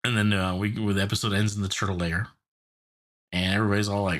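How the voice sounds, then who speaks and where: A man's voice: sits low, little pitch movement, quick pace, fairly bright tone. A young man co-hosting a casual podcast, animatedly retelling a cartoon episode with lots of filler words. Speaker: podcast co-host.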